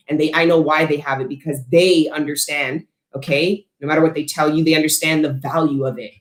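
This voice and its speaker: A woman's voice: low-pitched, fairly even intonation, fairly quick. Blunt, profane woman in a roomy space. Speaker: host selling frankincense to viewers. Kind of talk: casual livestream chat answering viewer questions.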